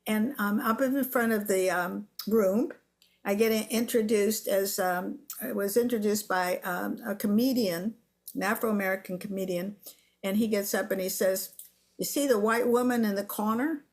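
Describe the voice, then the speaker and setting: Older female guest, animated storyteller on a podcast. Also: medium pitch, moderate pace. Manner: animated storyteller who acts out quotes. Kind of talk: storytelling interview.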